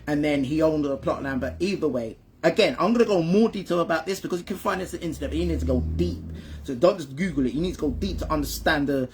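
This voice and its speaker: A man's voice: fairly high pitch, quick pace, hardly any pauses, a little mellow, slight background noise. A father telling his son football history in a casual chat, often checking in with "right?" and "you understand me?". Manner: repeats and restarts words when stumbling. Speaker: father and channel host.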